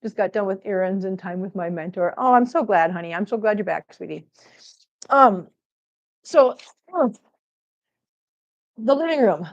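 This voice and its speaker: A chatty woman from Missouri talks casually into a laptop microphone at home. She rambles between topics and slips into soft baby talk for her cats. The audio is slightly dull. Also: medium pitch. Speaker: cat channel host. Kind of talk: casual livestream chat.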